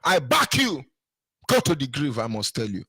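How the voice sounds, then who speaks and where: A man's voice: medium pitch, huge pitch swings, normal speed, bright, forceful tone, breathy edge, dry recording. An older man with a Nigerian accent, delivering an impassioned political monologue with emphatic repetition and sing-song rises. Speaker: political commentator.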